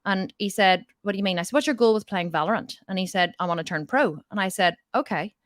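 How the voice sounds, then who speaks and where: A woman's voice: mid-range voice, quick pace, no echo, clean studio sound. A woman, a fitness and mindset coach telling a personal story in a motivational talk, animatedly acting out both sides of a conversation.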